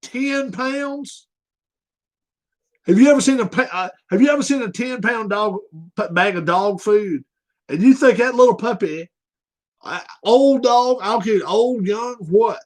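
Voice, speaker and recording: A man's voice: sits high, moderate pace, darkish tone. A man hosting a casual livestream, blunt, joking and profane. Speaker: livestream host.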